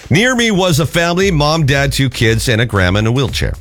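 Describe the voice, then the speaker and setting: A male radio co-host with a lively voice that swings up and down as he reads a listener's email. Faint music plays under his voice in the radio broadcast. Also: medium pitch, fairly quick. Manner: animated, reads listener email aloud with emphasis. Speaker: radio morning show co-host. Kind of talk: casual radio banter and email reading.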